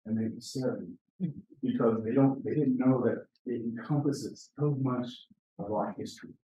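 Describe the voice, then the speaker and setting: A man's voice: mid-range voice, normal speed, mellow, muffled recording. A man presenting at a conference, speaking conversationally, telling stories and asking the audience questions. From Native American, Apache. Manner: conversational, asks the room questions, tells stories. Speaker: presenter training teachers. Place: conference session room. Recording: echoey room, mic far off.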